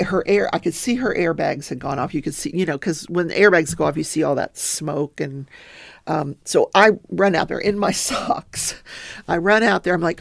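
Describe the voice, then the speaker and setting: A woman's voice: lowish voice, vocal fry, dry recording. A woman hosting her own daily talk show, chatting casually and telling a story, acting out the people in it. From South Florida. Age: older. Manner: chatty storyteller, quotes people in lively voices. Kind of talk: casual chat.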